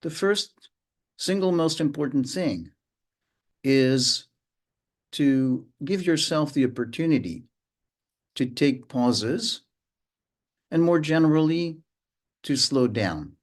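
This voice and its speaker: Unhurried man teaching with pauses. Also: fairly high pitch, animated. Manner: unhurried, pauses often, hums and vocalizes rhythms to illustrate. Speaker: mindfulness teacher. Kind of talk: slow, reflective lesson.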